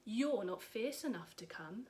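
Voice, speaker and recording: A woman's voice: medium pitch, animated, unhurried, a little mellow, close to an everyday voice. A woman voicing a pair of bossy, taunting young tyrannosaurus sisters.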